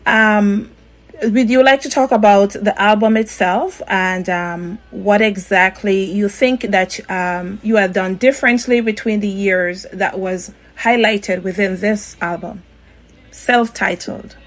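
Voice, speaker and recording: Woman host, mid pitch, polite, affirming, ums, recovering from voice loss. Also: slow, low-quality recording. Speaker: interview host. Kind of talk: casual interview.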